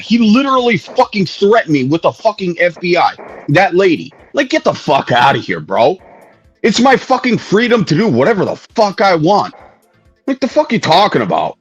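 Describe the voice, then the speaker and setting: A husky-voiced man rants on a livestream, his pitch leaping up and down as he keeps hammering the same insults. His voice is close and dry, with faint music underneath. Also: sing-song, a little fast, no echo, lo-fi sound. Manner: heated, profane, repeats jabs for emphasis. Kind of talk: angry livestream rant. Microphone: streaming mic.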